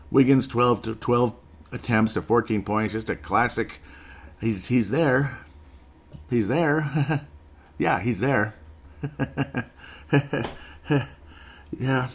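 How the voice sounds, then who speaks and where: Host, male, 40s, lower register, sarcastic exasperated sports rant. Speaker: basketball podcast host. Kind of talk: casual sports commentary.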